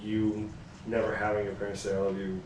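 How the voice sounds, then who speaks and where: A man's voice: lowish voice, brisk. A man co-hosting a podcast, asking questions and telling stories casually, with a teasing edge. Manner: teasing, lively retelling. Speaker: podcast co-host. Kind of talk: casual chat and storytelling. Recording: echoey room, mic at a distance, faint hiss.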